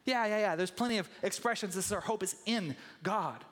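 A man preaching a sermon as pastor, telling stories with lively acted-out voices. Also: high-pitched, fairly quick, big-room sound. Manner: animated storytelling, acting out voices.

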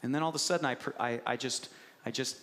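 Guy preaching a sermon, mid pitch, keeps asking the crowd stuff, big hall echo. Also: fast. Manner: asks the congregation questions, animated storytelling. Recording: long reverb of a large hall.

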